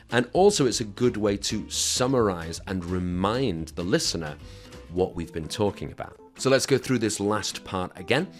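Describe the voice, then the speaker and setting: Guy teaching an english exam class, lowish voice that bounces up and down, faint music behind. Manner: encouraging, instructive, checks in with listeners. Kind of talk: teaching pronunciation with a sample answer.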